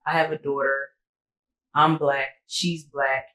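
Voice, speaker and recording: A young woman co-hosting a podcast, telling a personal story in a slangy, candid way and jumping higher in pitch when she quotes people. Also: little pitch movement, slow, sharp tone, roomy sound, rough recording. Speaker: podcast co-host. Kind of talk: casual storytelling.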